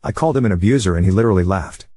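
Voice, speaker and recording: A man reads an online confession aloud in scripted narration with a brisk, even delivery. His voice sits on the low side and races along. The sound is close and dry. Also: dry recording. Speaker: story narrator.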